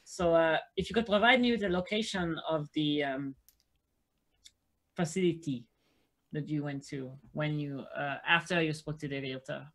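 A man's voice: fairly high pitch, a bit bright. Formal, hesitant male tabletop player. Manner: formal, measured questioning, many "uh"s. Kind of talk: in-character role-play, tabletop game.

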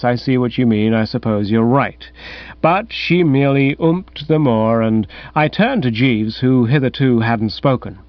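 A man narrating a comic first-person story in a wry, animated storytelling manner. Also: medium pitch, no room sound. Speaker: audiobook narrator. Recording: dull, dry recording.

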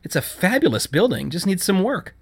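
A man's voice: sits high, big pitch swings, brisk, creaky, husky, voice pushed up, heavily acted. A man reading a story, voicing a poised, prim young woman who is dismissive and condescending. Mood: breezy.

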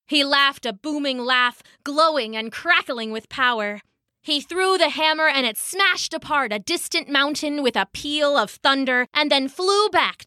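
A woman narrating a mythology story as scripted storybook reading, expressive and measured. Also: high-pitched, no room sound, clean studio sound.

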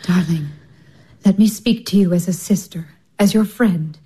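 A gentle, husky elder sister. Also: female voice, on the low side, measured pace. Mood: advising. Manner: soothing, tender, softly persuasive. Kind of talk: stage drama acting.

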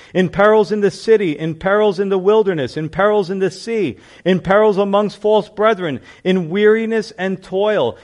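A man preaching a sermon, earnest and emphatic as he reads scripture aloud. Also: high voice.

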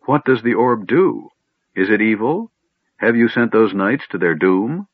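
An earnest, sturdy warrior, as a male narrator does him, pressing his questions in a severe tone. His voice sits a touch higher than the narrator's own lowish voice and moves a lot. The recording is narrow and phone-like, with no room sound. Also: animated, unhurried, slightly rough, no room sound, heavily acted. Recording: tinny phone-like band, dry.

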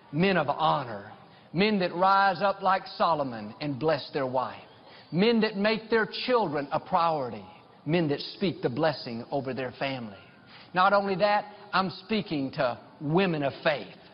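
Slightly high-pitched, this middle-aged male preacher tells stories from his own life and climbs toward fervent blessings in his sermon. There's a bit of background noise, and the audio is dull with lengthy hall reverberation.

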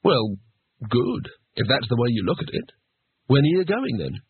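Wry jittery wizard guy, a man putting him on, a bit raised, husky, tinny sound. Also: medium pitch, big pitch swings, moderate pace, dry recording. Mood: awkward. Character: nervous, wry male wizard, evasive and glum. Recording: husky, dry, phone-like narrow sound.

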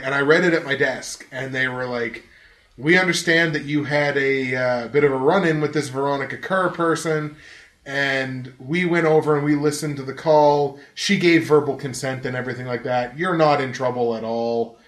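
A man hosting a casual podcast, telling a story in a lively, profane way and laughing often. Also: medium pitch, moderate pace, reverberant. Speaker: podcast host.

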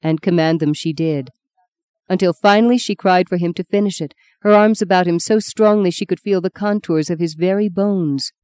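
A woman narrates an audiobook in a measured, intimate manner. Her voice sits low and mellow, and the recording is dry and close. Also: clean tone, dry recording.

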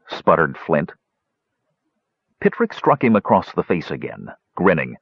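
A man reading an audiobook in steady, measured scripted narration. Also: deep voice, creaky, husky, no room sound, lo-fi sound.

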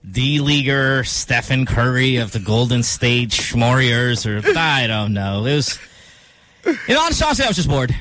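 Lively, joking male radio host. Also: mid-range voice, measured pace, slight background noise. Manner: animated and joking, rambling with fillers. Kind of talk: casual morning radio chat. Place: radio studio.

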